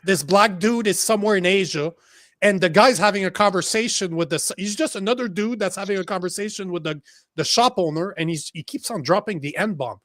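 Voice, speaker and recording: Male co-host from Canada, high voice, dry sound, profane and animated. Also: fairly quick, no echo. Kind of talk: casual political chat.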